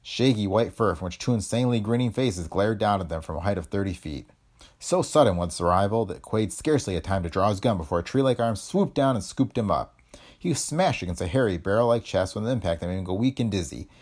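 A man narrating a pulp adventure story in a dramatic, expressive storytelling manner. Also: lowish voice, fast.

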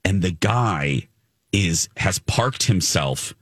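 A man's voice: low voice, slow, dry recording, studio quality. A man co-hosting a casual podcast chat, telling a funny story with lots of energy and acting out the people in it. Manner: animated storyteller, acts out voices of people in the story. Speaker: podcast co-host.

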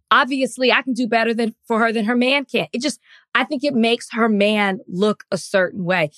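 A woman's voice: on the high side, a bit bright, no room sound. A woman co-hosting a podcast, giving her opinion in a casual, conversational way. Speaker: podcast co-host. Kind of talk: casual chat.

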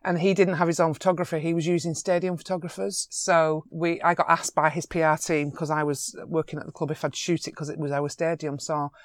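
A woman photographer, telling animated anecdotes in an interview and laughing easily. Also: low voice, no room sound, clean studio sound. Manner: animated, excitable storyteller with quick laughs.

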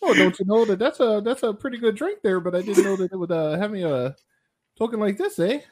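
Casting: man putting on a folksy Canadian caricature, very high and bouncy, swooping pitch. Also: expressive, brisk, darkish tone. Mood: giddy. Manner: high sing-song pitch with stretched vowels.

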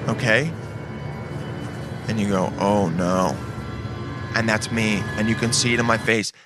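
This late-twenties man reacts to videos in a laid-back way, cursing often and saying "dude" constantly. His voice is fairly low and level, at a moderate pace, with music playing behind him.

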